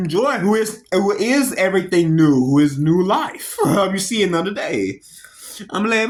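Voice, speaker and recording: A man's voice: high-pitched, normal speed. A man giving a casual, rambling movie review, giggling often and jumping between tangents. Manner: excitable, jumps between tangents.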